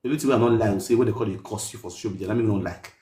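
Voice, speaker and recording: A Nigerian man hosts a live stream in a roomy, echoing space. He talks quickly in a lowish voice and soothes his caller in Pidgin, repeating himself over and over. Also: warm tone. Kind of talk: live-stream chat on speakerphone.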